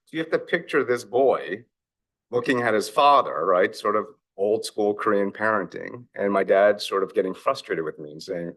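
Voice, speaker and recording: A middle-aged man gives a keynote talk from the stage. His voice sits fairly low. He speaks reflectively and often acts out bits of family dialogue as he tells his stories. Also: expressive, moderate pace, fairly bright tone. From United States. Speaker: author and investor giving a keynote. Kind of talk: conference keynote speech.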